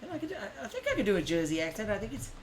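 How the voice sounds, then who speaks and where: Man, livestream host, casual rambling chat, lively pitch, faint hum. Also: very fast, poor audio. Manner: rambling, animated, self-correcting.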